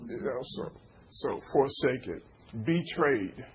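A man's voice: mid-range voice, a little slow, crowd noise, low-quality recording. A man preaching an informal sermon, stammering through repeated words and checking in with his listeners. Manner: stammering repetitions, call-and-response asides.

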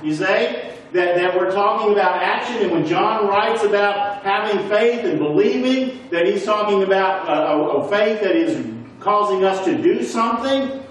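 A man's voice: sits high, normal speed, hardly any pauses. A man teaching a Bible lesson to a congregation, who keeps checking in with his listeners and asking them questions. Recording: echoey room recorded from a distance.

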